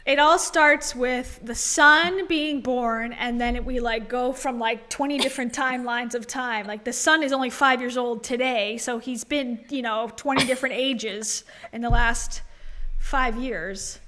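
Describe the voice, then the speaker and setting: Bright-voiced sarcastic woman co-host. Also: a little high, unhurried, few pauses, a little hiss or hum. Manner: dry, sarcastic asides. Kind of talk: casual livestream commentary.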